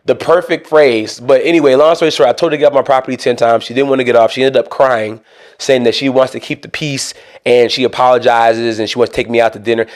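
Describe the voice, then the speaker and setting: A man co-hosting a podcast, telling a long story in a casual, animated way and acting out both sides of an argument. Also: medium pitch, fast. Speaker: co-host.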